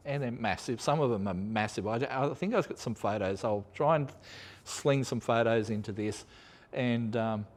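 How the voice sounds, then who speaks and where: An Australian man hosting a casual chat, rambling and chatty as he tells travel stories, laughing at his own tales. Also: mid-range voice. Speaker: host.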